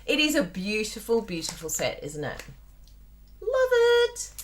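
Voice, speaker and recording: A woman with an Australian accent and a mid-range, slightly bright voice hosts a live card-making tutorial. Chatty and bubbly, she addresses her viewers directly, recorded on a plugged-in desk microphone.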